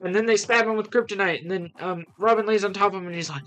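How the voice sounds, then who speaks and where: A man's voice: high-pitched, fast talker, fairly bright tone, clean tone, faint music behind. A man casually reviewing comics on a livestream, rambling through plot recaps with lots of fillers and giving blunt, scornful verdicts.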